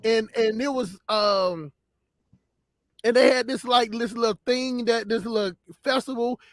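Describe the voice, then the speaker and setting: A man's voice: very high voice, measured pace, dry recording, clean studio sound. A man co-hosting a casual talk show, speaking emphatically and opinionatedly and often laughing. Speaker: podcast co-host. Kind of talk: casual conversation.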